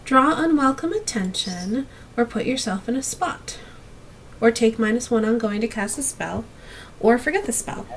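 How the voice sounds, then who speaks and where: A young adult woman narrating a tabletop game as game master, unhurried and with frequent ums. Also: a little high, slight background noise.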